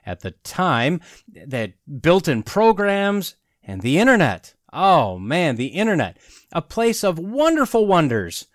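Sardonic, lively man in his forties. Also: on the high side, no room sound, studio quality. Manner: sardonic, rhetorical questions, chuckles at own jokes. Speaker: podcast host. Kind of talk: casual opinion monologue.

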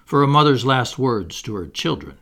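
A man reads as a sneering, pompous pirate captain from a storybook, loud and commanding. The voice swings widely and keeps a gravelly edge as he bellows orders and gloats over his captives. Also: sing-song, normal speed, heavily acted. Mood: gloating, syrupy. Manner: booming, gloating, theatrical. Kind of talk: audiobook character reading.

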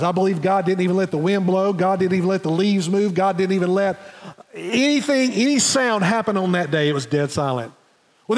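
A man preaching a sermon, telling a story with dramatic pauses and repeated words. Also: high-pitched, in a large hall. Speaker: pastor. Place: church sanctuary.

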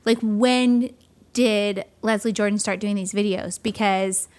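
A woman chatting casually as a co-host, reacting quickly and adding her own remarks. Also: medium pitch, fairly even intonation, darkish tone. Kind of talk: casual chat.

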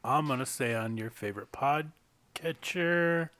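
A man's voice: medium pitch, measured pace, fairly bright tone, no echo. Male podcast co-host, chatty, reads the sponsor spots. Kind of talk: casual podcast chat.

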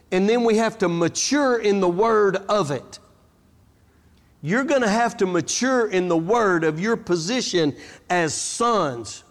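A man preaching a sermon, telling stories with animation and drawing out his emphatic declarations. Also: high-pitched. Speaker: guest preacher. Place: church sanctuary. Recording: church hall reverb.

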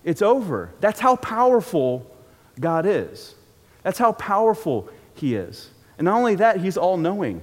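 A man's voice: high voice, sing-song, measured pace. A man preaching a sermon in a church auditorium, in a casual, joking, conversational way. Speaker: pastor. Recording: long reverb from a large hall.

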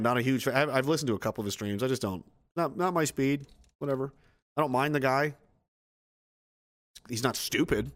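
A man with a mid-range, fairly bright voice hosts a casual livestream, reading viewer comments aloud. He answers them with blunt, exasperated rants full of profanity.

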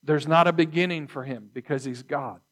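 A man preaching a sermon, teaching slowly and deliberately, repeating key phrases and clearing his throat between points. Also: fairly high pitch, fairly bright tone. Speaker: pastor.

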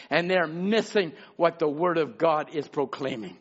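A man preaching a fervent sermon as pastor, moving from quiet, plain talk to loud shouting. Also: a little high, normal speed, few pauses, highs cut off.

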